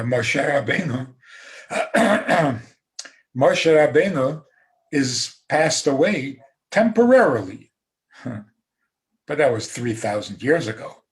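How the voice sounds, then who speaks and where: A man giving a rabbi's talk over a video call, emphatic, with dry humor and soft laughs. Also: medium pitch. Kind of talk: talk on a zoom call, answering questions.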